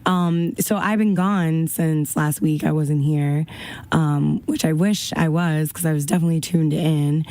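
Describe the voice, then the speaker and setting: A woman's voice: deep voice, fairly even intonation, measured pace, mellow, no echo. A woman co-hosting a casual radio show, chatty and rambling with lots of fillers, a bit out of breath. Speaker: radio co-host. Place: radio studio.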